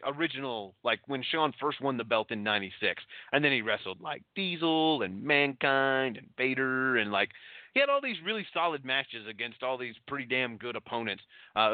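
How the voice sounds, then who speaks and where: A man's voice: medium pitch, no echo. A male radio host giving a loose, chatty recap of a show, swearing freely as he goes. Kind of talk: casual live show recap. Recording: tinny phone-like line, dry.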